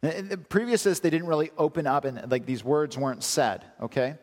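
A male pastor preaches a sermon, reading scripture aloud and firing off emphatic rhetorical questions. His voice is slightly high and a little mellow, his pace brisk, all washed in a long hall reverb.

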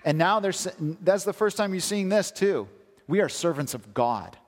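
A man's voice: sits high, very animated, moderate pace. A male pastor preaching a sermon, reading scripture aloud and asking emphatic rhetorical questions. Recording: long hall reverb.

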